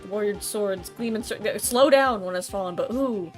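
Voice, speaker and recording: A woman's voice: medium pitch, fairly even intonation, moderate pace, darkish tone, faint music behind, lightly acted. A woman voicing a melodramatic villain from a kids' samurai TV show, declaiming grandly. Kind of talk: reading game dialogue aloud.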